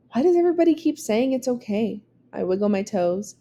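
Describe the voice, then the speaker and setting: A woman reading a verse novel aloud to listeners. Her voice is warm and mellow, and her delivery is measured and expressive. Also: fairly high pitch. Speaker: reader.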